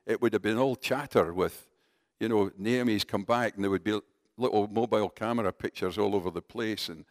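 A man preaching a sermon in a conversational, animated way, talking directly to his congregation. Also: fairly low pitch, fairly quick, no room sound, clean studio sound.

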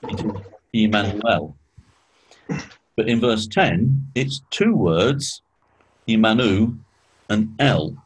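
A man teaching a small group in an informal Bible study, explaining slowly and asking questions, clearing his throat often. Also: on the low side, lively intonation, rough recording.

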